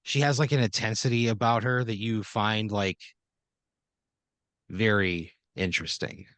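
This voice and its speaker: A man's voice: on the low side, steady tone, unhurried, fairly bright tone, no room sound. A man hosting a comedy podcast, narrating an improvised scenario in second person with lots of fillers and restarts. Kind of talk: improvised storytelling.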